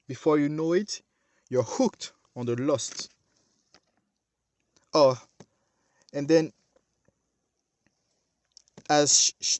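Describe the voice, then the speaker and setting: A man's voice: a little high, a little mellow, dry recording. A man preaching a sermon, speaking emphatically, repeating himself and addressing the listeners directly.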